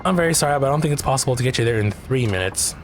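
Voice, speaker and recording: A man voicing a polite young male taxi driver who apologizes calmly and stays deferential. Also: medium pitch, very fast, soft background music, close to an everyday voice. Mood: apologetic.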